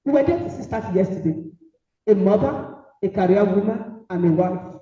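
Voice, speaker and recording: A middle-aged woman with a Nigerian accent giving an emphatic, preachy motivational speech, repeating maxims and sometimes shouting. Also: mid-range voice, lively intonation, moderate pace. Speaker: guest speaker. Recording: echoey hall, distant dull mic.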